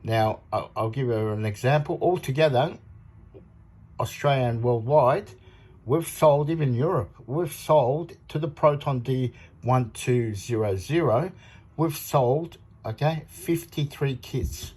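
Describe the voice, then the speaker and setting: A man chatting in a casual product vlog about audio amp parts, rambling and excitable, laughing often. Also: medium pitch, unhurried, husky.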